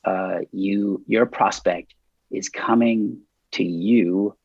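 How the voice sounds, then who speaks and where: A man's voice: lowish voice, creaky, husky, no room sound, muffled recording. A man who calls himself a bit nervous, telling a story in a casual interview with lots of restarts and acted-out dialogue. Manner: self-described nervous, halting with many restarts; animated, acts out quoted dialogue.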